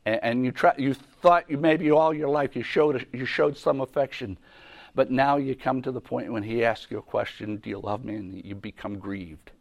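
A man's voice: mid-range voice, normal speed, vocal fry. A man teaching a Bible lesson in a conversational way, often repeating himself and restarting sentences. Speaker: preacher.

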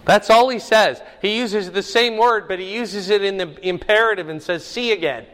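A man's voice: high voice, moderate pace, a bit bright, in a large hall. A man preaching a sermon, teaching the meaning of Greek words with rising emphasis. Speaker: pastor.

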